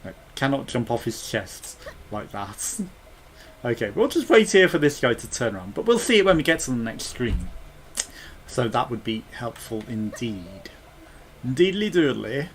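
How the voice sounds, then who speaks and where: A man talking his way through a video game in casual commentary, his pitch bouncing up and down as he reacts. He thinks aloud and drops quiet muttered asides between the bigger moments, with a faint hiss in the background. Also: sing-song, moderate pace. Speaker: let's play gamer.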